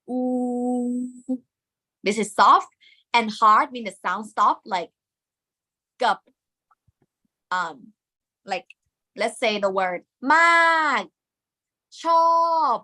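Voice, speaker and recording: A woman's voice: a little high, sharp tone. A woman with a Thai accent teaching a live online lesson, explaining step by step and dropping Thai particles into her English.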